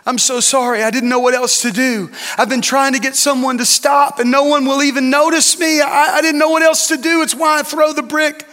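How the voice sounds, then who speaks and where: Pleading young kid, a preacher voicing him in a story, high bright voice. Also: male voice, flat delivery, brisk, hardly any pauses, long reverb tail. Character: weeping young boy begging for help.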